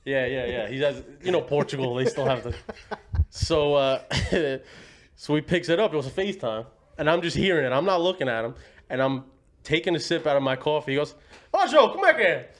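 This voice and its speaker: A man's voice: medium pitch, brisk. A man hosting a casual podcast, telling a rambling anecdote full of quoted dialogue. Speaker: podcast host. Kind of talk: casual storytelling chat.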